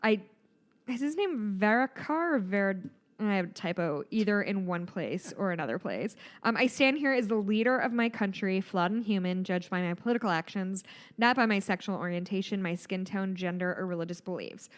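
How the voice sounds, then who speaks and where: Woman, 30s, podcast co-host, casual chat, rambling, lots of fillers, middle pitch. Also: expressive, moderate pace. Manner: rambling and chatty, laughing, with many fillers.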